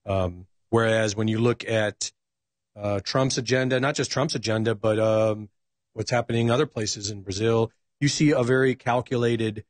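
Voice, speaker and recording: A man's voice: fairly low pitch, normal speed, no room sound. A man speaking as a talk show guest, reflective and hesitant, with many ums and uhs. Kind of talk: casual political talk.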